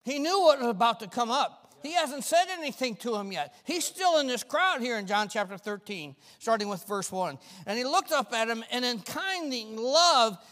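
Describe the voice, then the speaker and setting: A male pastor preaching a fervent sermon with folksy, self-mocking humor, swinging between shouts and quiet talk. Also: very high voice, sing-song, moderate pace, hardly any pauses. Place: church sanctuary. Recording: long reverb of a church hall.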